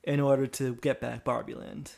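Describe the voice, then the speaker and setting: A man's voice: mid-range voice, level tone, normal speed, vocal fry, a little mellow. A man co-hosting a casual podcast chat, analytical, arguing his points at length with frequent fillers. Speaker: podcast co-host.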